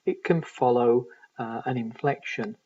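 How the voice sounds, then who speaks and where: A man giving a recorded university lecture in linguistics, measured and explanatory, often pausing to find his words. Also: medium pitch, warm tone. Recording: distant, dull lo-fi recording.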